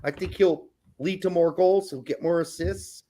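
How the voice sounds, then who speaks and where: A man's voice: high-pitched, steady tone, normal speed, warm tone. A man co-hosting a casual soccer podcast, talking in a profane, emphatic way. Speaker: podcast co-host.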